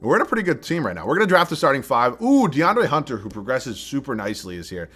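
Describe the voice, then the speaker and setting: A man's voice: medium pitch, big pitch swings, fast talker, a bit bright, husky. A young man from southern Massachusetts streaming live, chatting casually, thinking aloud and laughing as he reads viewer chat.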